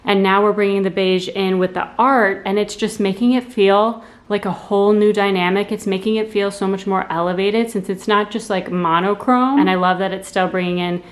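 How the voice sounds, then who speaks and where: A woman's voice: mid-range voice, fairly even intonation, moderate pace, few pauses. An American woman chatting casually as a home decor vlogger, gushing and full of "like" fillers. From United States. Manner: bubbly, gushing, lots of "like" fillers. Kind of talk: casual chatty vlog narration. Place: at home, indoors. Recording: roomy echo at home.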